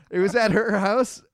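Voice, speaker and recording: A man's voice: high-pitched, fairly bright tone, dry recording, clean studio sound. A young man co-hosting a comedy podcast, telling stories with lots of laughter and reading scripture aloud. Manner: storytelling, laughing often, acting out quotes. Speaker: podcast co-host.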